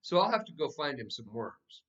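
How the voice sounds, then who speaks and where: A man voicing an eager, insistent little boy of about five with an excitable, sing-song way of talking. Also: medium pitch, moderate pace, dull audio.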